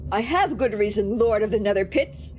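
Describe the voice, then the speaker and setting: A woman's voice: medium pitch, darkish tone, a little hiss or hum, pitched below the performer's own voice, close to an everyday voice. Woman reading as a cold, haughty drow sorceress. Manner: stern, commanding, measured. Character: haughty female drow spellcaster, cold and cruel. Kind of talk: reading game dialogue aloud.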